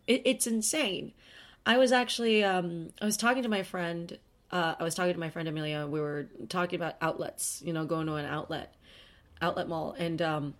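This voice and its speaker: A woman hosting a podcast, talking in a chatty, rambling, self-deprecating way. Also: on the low side. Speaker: podcast host. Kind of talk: casual chat monologue.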